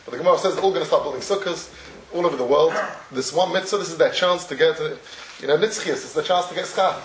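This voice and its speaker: A man's voice: on the high side, fast talker, a little hiss or hum. A man giving a Torah lecture, telling stories animatedly with many restarts and chuckles. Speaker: Torah teacher. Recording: echoey room, distant mic, faint ambience.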